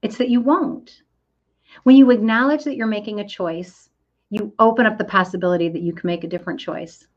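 A woman's voice: mid-range voice, dull audio. A middle-aged woman giving a motivational coaching talk, stressing words and acting out quoted complaints. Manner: emphatic, drawn-out stresses, acts out quoted complaints.

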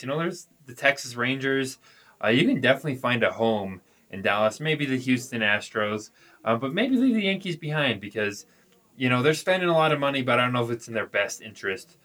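A man's voice: mid-range voice, very animated, fairly quick, a bit bright. A man co-hosting a sports podcast, talking in an easygoing, rambling way with fillers. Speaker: podcast co-host. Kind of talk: casual sports chat.

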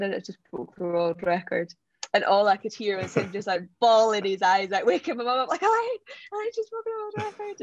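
A young Scottish woman from the Borders, telling an animated story as an interview guest, laughing often and acting out what people said. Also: mid-range voice, creaky, no echo, muffled recording. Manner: excitable, laughs often, acts out quotes. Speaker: athlete guest.

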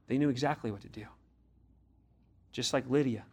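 With a husky, darkish, mid-range voice at moderate speed, a man preaches to the youth group he pastors. He speaks earnestly and directly, presses with blunt questions, and sometimes imitates voices from scripture.

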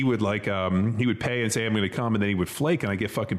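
A man, a gym coach, telling an anecdote in animated, profane casual talk. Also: on the low side, very fast, few pauses.

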